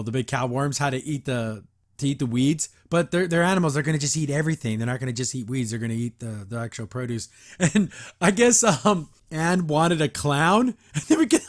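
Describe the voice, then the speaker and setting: A man hosting a casual episode review, rambling with lots of fillers and frequent laughs. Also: on the high side. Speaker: show reviewer and podcast host.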